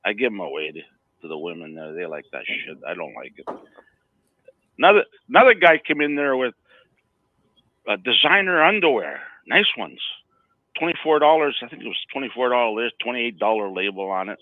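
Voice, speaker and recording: A man's voice: medium pitch, very animated, fairly quick, dry recording. A man telling rambling stories in a casual chat as co-host, often stammering and laughing. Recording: dry, phone-like line.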